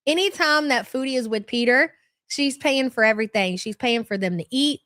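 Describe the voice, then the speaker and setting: A woman's voice: on the high side, moderate pace, a bit bright, no echo, studio quality. Chatty, gossipy woman streaming from home. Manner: chatty, gossipy, reads viewer comments aloud. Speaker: live-stream commentary host. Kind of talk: casual live-stream commentary.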